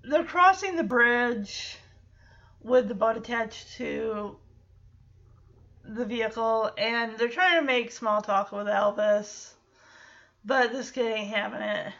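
A woman casually recapping a show, animated and often laughing. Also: on the high side, slow, long pauses, lo-fi sound. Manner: animated, laughing, acts out characters.

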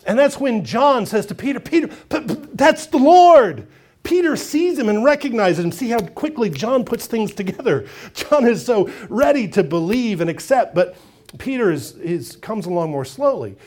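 A pastor with a high voice preaches a sermon at normal speed, retelling a story expressively and acting out the voices of its characters.

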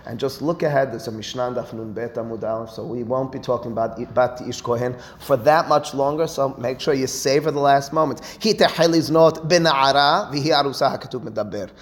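A man teaching a Talmud class in an animated, emphatic way, with quick asides and rhetorical questions. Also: mid-range voice. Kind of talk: classroom lecture.

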